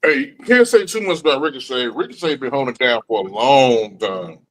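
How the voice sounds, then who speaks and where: A man's voice: mid-range voice, animated, fairly quick, a bit bright. A man co-hosting a casual wrestling podcast, making short, wry, laid-back remarks. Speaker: podcast co-host. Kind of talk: casual wrestling review chat.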